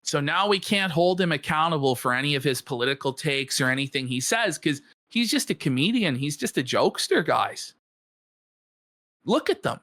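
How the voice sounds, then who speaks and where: A man's voice: on the high side, animated, normal speed, pushed and bright, no room sound, clean studio sound. A man co-hosting a podcast, reacting to a clip with a profane, mocking rant. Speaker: podcast co-host.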